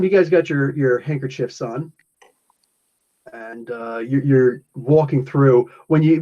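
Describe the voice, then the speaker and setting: A man's voice: mid-range voice, dark tone. A man from New Jersey, the game master, narrating a tabletop game in a rambling, chuckling way with many fillers. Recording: dull lo-fi sound.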